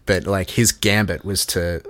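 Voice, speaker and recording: Aussie guy, lowish voice, heaps of swearing, dry close sound. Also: measured pace, no echo. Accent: Australian. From Australia. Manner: swears a lot, animated storytelling. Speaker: podcast co-host. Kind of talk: casual chat.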